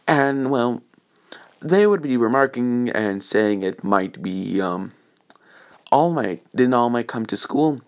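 In an animated mid-range voice, a young man spins a fan-fiction tale as he goes, full of fillers and false starts. He shifts to a slow, threatening tone to voice the hero.

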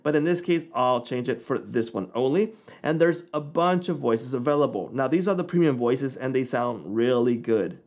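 A man hosting a software tutorial, talking in a relaxed, informal way as he clicks through the steps. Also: medium pitch, moderate pace, few pauses. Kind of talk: casual screen-recording walkthrough.

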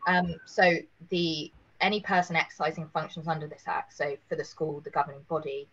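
Woman, hoarse after a cold, low voice, careful webinar presenter, muffled lo-fi sound. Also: steady tone, a little fast, fairly bright tone. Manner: careful, explanatory, with many fillers. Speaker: legal presenter.

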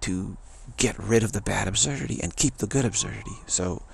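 A man telling a rambling spiritual story in a halting way, often repeating words and restarting. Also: lowish voice, vocal fry, a little hiss or hum.

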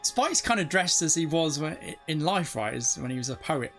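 Deep-voiced woman reacting. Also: lively intonation, moderate pace, a bit bright, faint music behind. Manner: chatty, exclaiming, laughs often. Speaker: reaction video host. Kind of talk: casual commentary.

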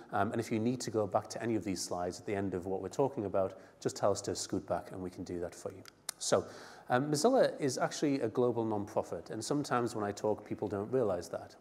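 A man's voice: lowish voice, darkish tone. A man with a northern English accent and a head cold, giving an informal, chatty conference presentation. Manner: chatty, informal, quick asides. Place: conference hall. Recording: long reverb of a large hall.

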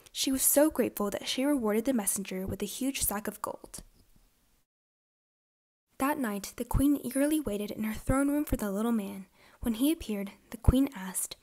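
Lady reading a fairytale to little kids, clear and expressive, kinda high voice. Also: normal speed. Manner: clear, expressive read-aloud for young children. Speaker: storybook reader. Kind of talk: children's storybook narration.

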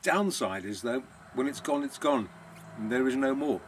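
A man's voice: medium pitch, expressive, normal speed, a little hiss or hum. A man, the owner of a villa rental business, chatting casually on a vlog in a self-deprecating, savouring way.

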